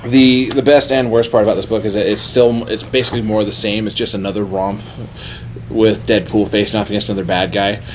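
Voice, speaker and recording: A man's voice: lowish voice, level tone, quick pace, slight background noise. A man co-hosting a casual comics podcast, rambling through plot summaries and laughing often. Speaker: podcast co-host reviewing comics. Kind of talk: casual chat.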